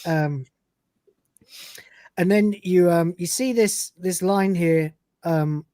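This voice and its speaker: A man's voice: high-pitched, takes it slowly, mellow, no room sound. Brief: male podcast host, recap chat, dry close mic. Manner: narrates scenes, reads quotes aloud, fillers. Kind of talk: live episode recap chat.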